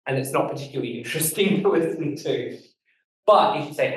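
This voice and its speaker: A man with an Australian accent giving a casual talk on making podcasts, talking quickly with lots of fillers and stressed words. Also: medium pitch, expressive. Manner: fast-talking, emphatic, loose with fillers. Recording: echoey room, voice from far off.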